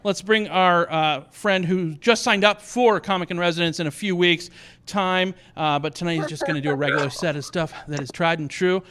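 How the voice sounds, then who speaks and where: Male host, chatty and rambling, bright higher voice, introducing acts on a virtual comedy show. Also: normal speed, hardly any pauses. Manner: chatty, rambling with many fillers.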